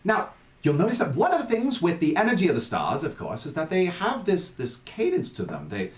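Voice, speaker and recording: A man's voice: a little high, wildly swooping pitch, fairly quick, reverberant, pitched above the performer's own voice. A man doing a jovial tiefling scholar, Australian accent. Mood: explaining. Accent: attempted Australian. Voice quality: bubbly, chatty, effervescent. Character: jovial excitable male tiefling star scholar.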